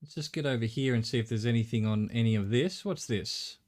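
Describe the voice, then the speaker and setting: A man's voice: mid-range voice, a little fast, darkish tone. A middle-aged Australian man streaming a game, thinking aloud in a rambling way and swearing casually. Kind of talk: live gameplay commentary.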